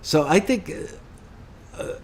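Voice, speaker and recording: A man's voice: measured pace, a little mellow. An older man hosting a live question-and-answer show, answering chat questions with rambling, anecdotal stories. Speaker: host.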